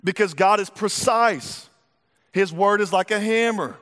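A man preaching a sermon as pastor, lively and conversational, with repeated words and acted-out asides. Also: high-pitched, a little slow. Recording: long hall reverb.

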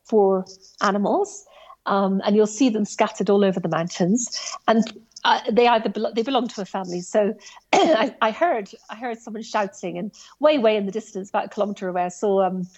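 A woman telling a story about her hike in a casual, animated way, full of asides and restarts. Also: mid-range voice, brisk. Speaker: guest recounting a hike.

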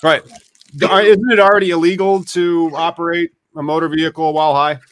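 A man's voice: fairly high pitch, level tone, a little fast, fairly bright tone, no room sound. A man hosting a live podcast, talking casually and rambling with many fillers. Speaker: podcast host.

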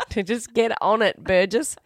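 A woman's voice: medium pitch, no echo, studio quality. A woman, chatting casually as she reads out quiz questions and teases her partner. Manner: teasing, quick to laugh.

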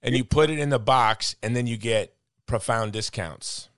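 A man's voice: medium pitch, normal speed, a bit bright, no room sound, studio quality. A man hosting a podcast, chatting casually and teasing his guest with playful jokes. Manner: joking, teasing, plugs the sponsor playfully. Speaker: podcast host. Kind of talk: casual chat.

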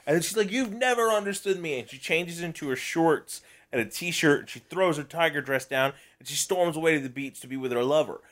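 A man's voice: fairly high pitch, brisk, few pauses, fairly bright tone. A man co-hosting a podcast, riffing playfully in casual comedic chat and swearing freely. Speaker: podcast co-host.

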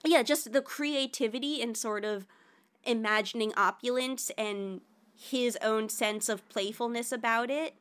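An enthusiastic woman podcast host with a fairly high voice talks in a casual, chatty way. She comes across lively and eager, like someone hosting a relaxed chat. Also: measured pace, smooth. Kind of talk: casual chat about musicals.

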